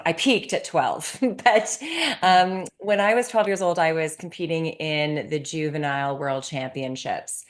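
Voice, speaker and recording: A middle-aged woman from Canada answers interview questions with the energy of a storyteller. Her voice sits low, and she breaks into laughter as she talks. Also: a little slow, few pauses. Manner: animated storyteller, laughs often. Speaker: guest, sports psychologist.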